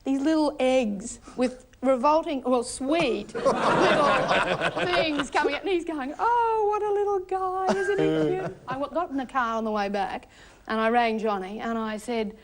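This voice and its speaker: A woman's voice: high-pitched, unhurried, very noisy. A woman sharing a funny story as a guest on a TV show, mimicking voices and laughing as she goes. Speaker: TV guest, former interviewer. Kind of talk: anecdotal chat. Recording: TV studio with live audience.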